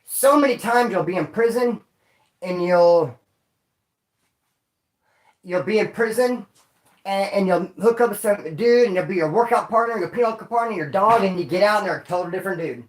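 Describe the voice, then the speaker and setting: A man's voice: high-pitched, moderate pace, long pauses. A man hosting a livestream, telling stories in casual slang, rambling and repeating himself. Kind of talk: casual storytelling. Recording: roomy echo.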